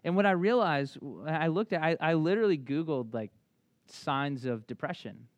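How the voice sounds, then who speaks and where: A man preaching a sermon as a pastor, candid and conversational, often restarting his sentences, slowing and softening for reflective passages. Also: fairly high pitch, dry recording.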